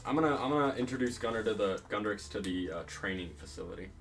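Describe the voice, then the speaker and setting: A man's voice: fairly low pitch, expressive, fast talker. A man playing a tabletop role-playing game, laid-back and swearing casually while he laughs with friends. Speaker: player.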